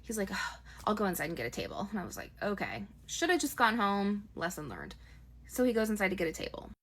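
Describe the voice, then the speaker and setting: A woman casually retelling a bad first date as a storytime, chatty and quick, acting out quoted dialogue in her own voice. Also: medium pitch, sing-song, fairly bright tone.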